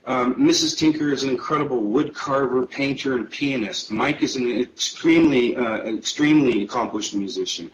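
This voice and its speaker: A man's voice: medium pitch, moderate pace, few pauses, muffled recording. A man, a guest musician, chatting animatedly in an interview and chuckling as he tells a story. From Canada. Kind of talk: casual interview chat.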